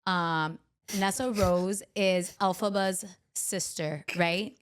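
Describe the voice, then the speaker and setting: A woman's voice: on the low side, steady tone, slow, slight background noise. A woman hosting a podcast in casual chat, talking emphatically and full of fillers. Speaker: podcast host.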